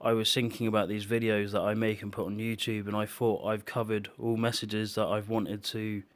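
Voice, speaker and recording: A man with a lowish, level-toned voice tells of a dream as a personal testimony for his video channel, where he shares visions. He speaks earnestly, emotionally and solemnly, halting often with restarts and fillers.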